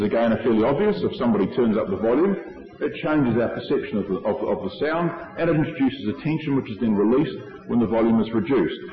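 A man giving a sermon, explaining his points in a measured way to a congregation. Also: medium pitch. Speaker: preacher. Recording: echoey hall, dull lo-fi sound.

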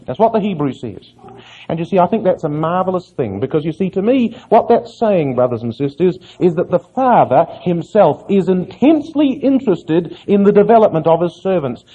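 Male preacher, fairly high voice with a husky edge; earnest expository sermon, muffled lo-fi recording. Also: very animated, normal speed. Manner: earnest, questions the audience and answers himself.

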